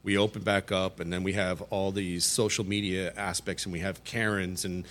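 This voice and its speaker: A man's voice: low-pitched, little pitch movement, normal speed, fairly bright tone. A man co-hosting a podcast, talking earnestly and a little hesitantly in casual chat. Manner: earnest, hesitant, repeats words. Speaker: podcast co-host.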